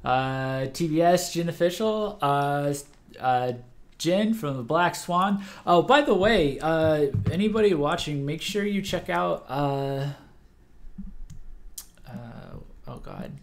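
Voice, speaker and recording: A man's voice: on the high side, animated. A young man hosting a music listening livestream, sleep-deprived and chatting casually, stumbling through fillers and restarts. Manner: halting, full of fillers and restarts. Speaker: livestream host.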